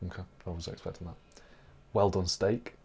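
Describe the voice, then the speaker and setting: Low-voiced man, teasing podcast host. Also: fairly even intonation, moderate pace, gravelly, darkish tone, slightly rough. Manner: teasing, joking. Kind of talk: casual chat.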